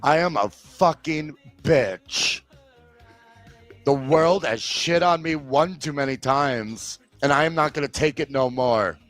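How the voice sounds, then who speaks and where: A man's voice: fairly high pitch, slow, fairly bright tone, soft background music. A man voicing a catty, sassy male character who refuses to take any more mistreatment, in a bitchy, indignant manner.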